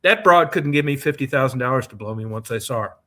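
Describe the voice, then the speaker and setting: A man's voice: medium pitch, expressive, quick pace, pushed and bright. A man co-hosting a podcast, telling a long, profane anecdote in casual, rambling chat. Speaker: podcast co-host. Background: co-host's short reactions.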